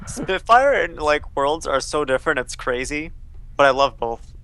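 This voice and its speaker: A man co-hosting a casual podcast chat, animated and swearing casually as he reminisces. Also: fairly high pitch, moderate pace. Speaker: podcast co-host.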